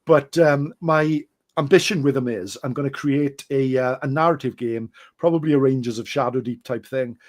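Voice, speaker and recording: A man's voice: mid-range voice, moderate pace. A Welsh man chatting casually as a podcast guest, telling self-deprecating stories with lots of restarts. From Wales. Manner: rambling, self-deprecating anecdotes with many restarts. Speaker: guest storyteller and wargamer.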